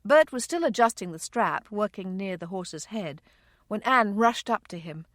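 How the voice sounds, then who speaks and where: A woman narrating a romance audiobook in a measured, unhurried way. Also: mid-range voice, animated, no echo, clean studio sound. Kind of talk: scripted narration.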